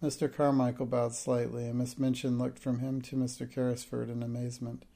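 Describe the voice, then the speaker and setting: A man narrating a classic novel as an audiobook in a measured, even manner. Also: medium pitch, creaky.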